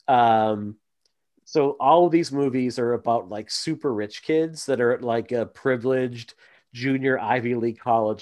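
A man's voice: mid-range voice, a little mellow. Chatty man hosting a movie podcast. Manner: chatty, many fillers and asides. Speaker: podcast host. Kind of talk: casual chat.

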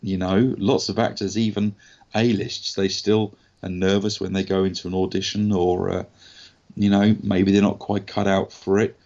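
English actor, muffled lo-fi sound. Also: male voice, low-pitched, moderate pace. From England. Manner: animated anecdotal, frequent ums and self-corrections. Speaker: actor guest. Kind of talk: casual podcast storytelling.

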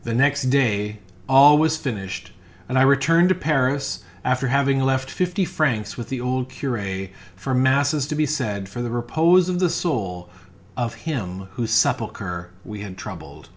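A man's voice: mid-range voice, animated, unhurried. Man reading a ghost story. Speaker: reader.

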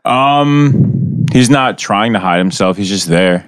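A man playing a tabletop role-playing game and talking about his character in a relaxed, offhand way. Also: on the low side, slow pace, no room sound, studio quality. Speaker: player. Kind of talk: casual tabletop game play.

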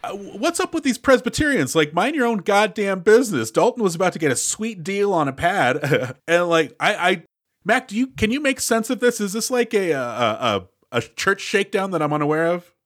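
A man's voice: sits high, big pitch swings, normal speed, fairly bright tone. A man co-hosting a podcast, chatting about a film in a jokey, incredulous way with stumbling restarts. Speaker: podcast co-host. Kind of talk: casual chat about a film.

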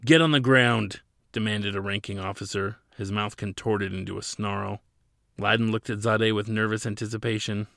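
A man's voice: fairly low pitch, vocal fry, fairly bright tone, no echo, studio quality. A man narrating his own story as an audiobook in a dramatic storytelling manner. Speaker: narrator and author.

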